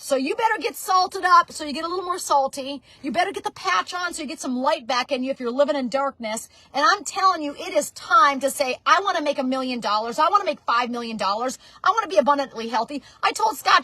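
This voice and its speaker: A woman's voice: high-pitched, lively intonation, a little fast, few pauses, sharp tone, dry recording. A woman in her forties giving a fervent, preachy motivational talk about network marketing. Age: 40s. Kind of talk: motivational monologue.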